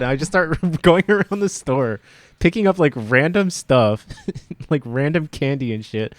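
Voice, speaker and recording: A man's voice: on the high side, animated, normal speed, no room sound, clean studio sound. A young man telling a long story on a casual podcast, laughing often and acting out what people said. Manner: rambling, laughs often, acts out quotes. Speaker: podcast co-host.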